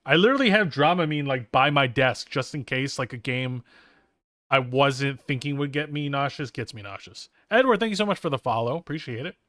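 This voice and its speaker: Drawing live on stream, a tired young artist buzzing on coffee rambles and jokes with casual chatter. His medium-pitched voice is expressive, brisk, and fairly bright, with clean, echo-free studio sound.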